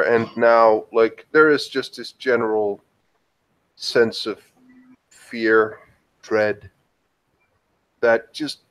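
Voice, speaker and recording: Man describing his character, hesitant. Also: mid-range voice. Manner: hesitant, joking, filler-heavy. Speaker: player. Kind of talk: casual tabletop play.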